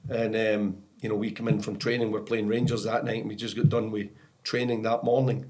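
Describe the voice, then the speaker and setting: A man's voice: fairly low pitch, little pitch movement, brisk, a little mellow. A middle-aged Scottish man, a guest on a soccer podcast, telling anecdotes in a rambling way with lots of "you know" and restarts, often breaking into laughter. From Scotland. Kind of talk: storytelling podcast interview.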